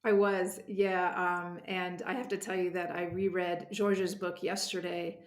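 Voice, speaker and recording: A woman in her fifties, a history professor, chatting warmly and with enthusiasm as a guest on a podcast. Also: lowish voice, level tone, a little slow. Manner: warm and enthusiastic, with some "um" fillers. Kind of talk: casual interview chat. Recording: echoey room.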